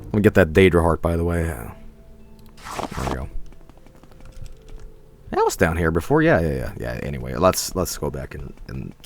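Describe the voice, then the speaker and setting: A man's voice: very deep voice, very animated, moderate pace, long pauses, faint music behind. A man giving casual, rambling gameplay commentary as a streamer, swearing and laughing often.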